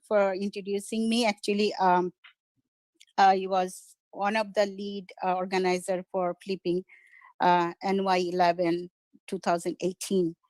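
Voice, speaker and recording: Middle-aged Bengali-accented woman, community organizer, eager halting delivery, mid-range pitch, dry. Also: dry recording. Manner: halting, many fillers and restarts, enthusiastic. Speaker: community organizer and guest speaker. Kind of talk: informal virtual speech. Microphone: video call.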